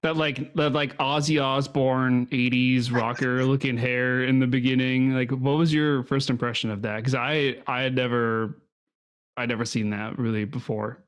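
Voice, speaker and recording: A man's voice: mid-range voice, fairly even intonation, moderate pace. A man hosting a casual movie podcast, asking his co-hosts questions in a playful, laughing way. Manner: playful, laughing, asks the others.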